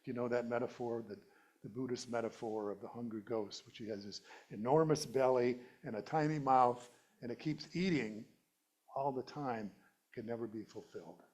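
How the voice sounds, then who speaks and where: A man's voice: medium pitch, normal speed, a little mellow. A middle-aged male minister giving a conversational, playful sermon and laughing at his own jokes. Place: church sanctuary.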